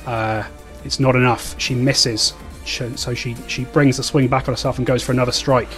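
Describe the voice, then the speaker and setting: A man's voice: medium pitch, little pitch movement, a bit bright, faint music behind. A man narrating a tabletop role-playing game as game master, stopping and restarting often. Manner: halting narration with many fillers and restarts.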